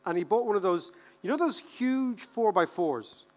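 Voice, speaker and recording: An Irish man in his fifties giving a humorous conference keynote, animated and joking, repeating words for rhythm. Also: high-pitched, moderate pace. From Ireland. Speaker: keynote speaker. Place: large conference hall. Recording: reverberant conference hall.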